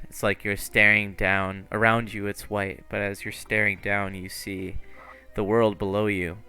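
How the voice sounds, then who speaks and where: A man's voice: on the low side, pushed and bright. A man narrating a tabletop game as game master, in a casual style full of fillers and swearing.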